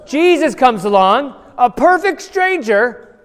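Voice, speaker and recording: A male pastor telling a Bible story to children in a playful, animated way, asking the kids questions and acting out voices. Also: very high-pitched, takes it slowly, a faint crowd. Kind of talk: lively children's sermon with audience participation. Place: large church hall. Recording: long church hall reverb.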